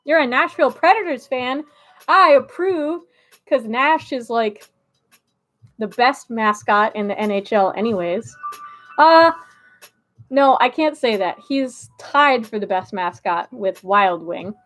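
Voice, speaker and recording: Bubbly high-voiced woman streamer. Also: expressive, measured pace, fairly bright tone, faint music behind. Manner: bubbly, laughing, chatty with viewers. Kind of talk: casual chat reading a live chat.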